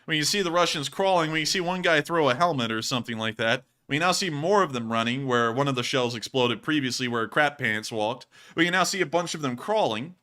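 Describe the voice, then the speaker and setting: A man's voice: mid-range voice, animated, pushed and bright. A man hosting a commentary show, talking casually over video clips in a joking, sarcastic way. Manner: joking, sarcastic, quick to laugh. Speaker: host of a war footage commentary show.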